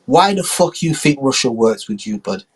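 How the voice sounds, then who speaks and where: A man voicing a menacing male boss who scolds slowly and with contempt. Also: a little high, very animated, breathy edge, exaggerated voice. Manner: slow, cold, contemptuous.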